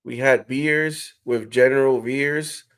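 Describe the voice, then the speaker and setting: A man's voice: mid-range voice, fairly even intonation, takes it slowly, fairly bright tone. A man hosting a casual livestream, greeting viewers and reading their comments aloud. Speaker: livestream host reading chat.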